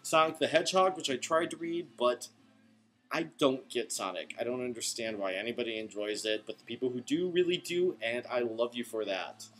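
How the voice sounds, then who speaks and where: A man's voice: mid-range voice, normal speed, a bit bright, soft background music. A man who runs a comic shop, reviewing comics in a chatty, rambling way late at night, tired but enthusiastic. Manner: chatty, enthusiastic, goes off on tangents.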